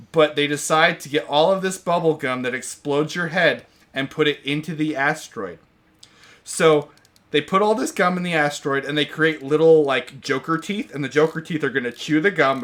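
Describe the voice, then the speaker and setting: With a fairly high pitch and fairly bright tone, this movie-reviewing podcast host chats casually while ranting, sounding exasperated and sarcastic.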